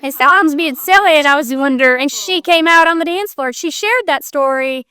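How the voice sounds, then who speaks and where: A woman guest on a talk show, telling personal stories in a lively conversational way and acting out the voices of the people she quotes. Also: sits high, a little fast, no echo, studio quality. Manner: animated, acts out quoted voices. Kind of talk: conversational storytelling.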